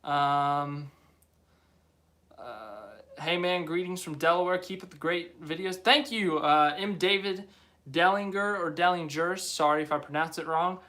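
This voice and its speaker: A man's voice: on the high side, a little slow, sharp tone. A young man hosting a live stream, chatting casually and rambling as he reads viewer comments aloud. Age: young adult.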